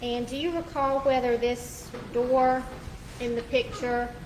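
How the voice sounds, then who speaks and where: A woman prosecutor questions a witness in court, slowly and haltingly, with frequent ums. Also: on the high side, steady tone. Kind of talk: courtroom direct examination. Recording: echoey courtroom with noise.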